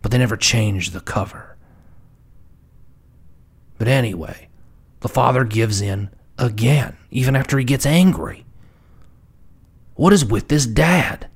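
A man's voice: medium pitch, a little slow, pauses often, slightly rough. A man giving comedic commentary on a children's book, often stammering and repeating words and dropping into whispered asides. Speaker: book reviewer.

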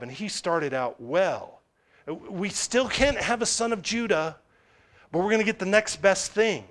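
A man preaching a sermon in a conversational, animated way, often correcting himself mid-sentence. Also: high-pitched.

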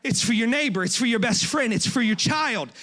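A man preaching a sermon as a guest speaker in a church, joking between passages and building to shouted, rising crescendos. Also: very high voice, expressive, brisk.

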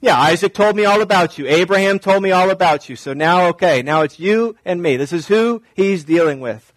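A male pastor preaching a sermon, telling stories animatedly and acting out dialogue, then slowing to quiet emphatic lines. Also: sits high, expressive, no echo, low-quality recording. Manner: drops to slow, quiet emphasis.

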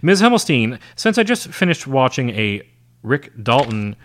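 A man putting on a brash Hollywood agent, loud and pushy, swearing freely as he holds court. The voice sits higher than the reader's own and comes out bold and forceful. It stays within an audiobook-style reading. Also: very animated, normal speed. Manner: boisterous, pushy, profane.

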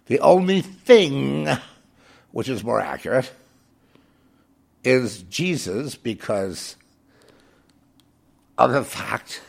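A man's voice: medium pitch, vocal fry, darkish tone. A man preaching on air in a fervent, scornful monologue, hammering points home by repeating phrases. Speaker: radio preacher.

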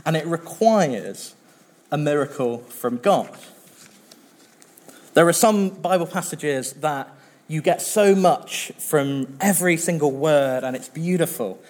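A male pastor preaching a sermon in an earnest, conversational way, with now and then a filler pause. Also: fairly high pitch, animated, darkish tone.

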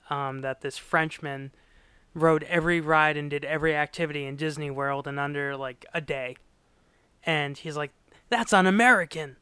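Man, podcast host, higher voice, bright and smooth, casual retelling, acts out quotes, dry sound. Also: dry recording. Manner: animated storyteller, acts out quotes, laughs often. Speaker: podcast co-host recapping a sitcom. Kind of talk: casual chat.

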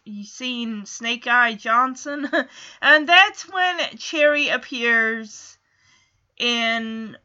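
A woman's voice: on the high side, bright, forceful tone, highs cut off. A woman casually recapping a TV episode in a chatty way, full of "kinda" and "like".

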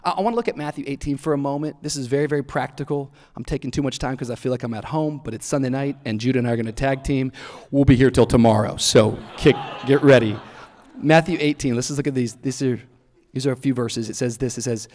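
A man in his thirties preaching a sermon in a church, an animated storyteller who acts out voices and laughs often. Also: mid-range voice, quick pace. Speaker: pastor. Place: church auditorium. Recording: large hall reverb.

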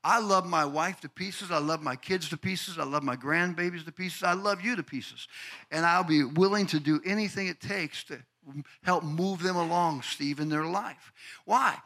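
Fervent older male preacher, bright voice. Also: on the high side, normal speed. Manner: fervent preaching, calls out congregants by name; builds to shouted, sing-song climaxes. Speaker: pastor. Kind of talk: sermon.

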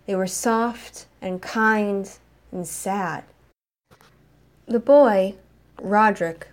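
A woman narrating a story in an expressive, dramatic reading style. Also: fairly low pitch.

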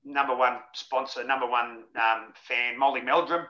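A man's voice: medium pitch, steady tone, moderate pace, bright, forceful tone. A man in his forties, a former rugby league player, telling frank, jokey stories in a casual interview. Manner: blokey, frank and jokey, laughs through anecdotes. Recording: roomy, slightly dull audio.

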